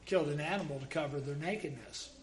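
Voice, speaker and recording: A male preacher delivers a sermon in a fairly high voice. He is emphatic and quotes scripture often, with the odd wry joke tossed in. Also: fast.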